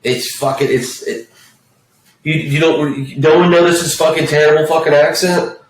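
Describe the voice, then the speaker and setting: A man's voice: fairly high pitch, moderate pace. A man co-hosting a casual movie review podcast, ranting and swearing freely as he complains about the film. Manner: profane, ranting, animated complaining. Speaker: podcast co-host. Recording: roomy echo, distant mic.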